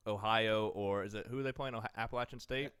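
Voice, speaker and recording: A man's voice: fairly low pitch, fairly even intonation, fast, a bit bright, clean tone, no echo, studio quality. A man, co-hosting a casual sports podcast and talking in a rambling way with many fillers. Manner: rambling, filler-heavy, eating while talking. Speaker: podcast co-host.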